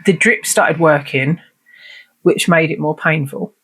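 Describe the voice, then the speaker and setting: Gravelly woman telling her story. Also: low-pitched, measured pace, fairly bright tone. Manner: candid, rambling, swears freely. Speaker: podcast host. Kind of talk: personal storytelling.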